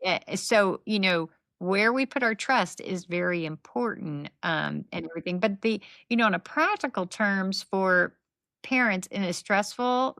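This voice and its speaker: Gravelly-voiced woman telling animated stories. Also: mid-range voice, no room sound. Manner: animated, faith-based storytelling with acted-out quotes. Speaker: podcast guest, nonprofit founder. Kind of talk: conversational storytelling.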